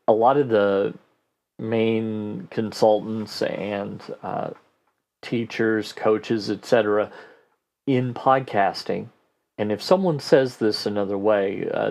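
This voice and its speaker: A man hosting a casual question-and-answer podcast, answering listener questions in a relaxed way and thinking aloud with fillers. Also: on the low side, slow pace, gravelly. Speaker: host.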